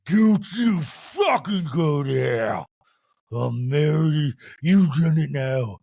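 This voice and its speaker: A man putting on a furious woman reality star, shouting slow, drawn-out threats. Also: fairly high pitch, animated, creaky, husky, no echo, clean studio sound, heavily acted.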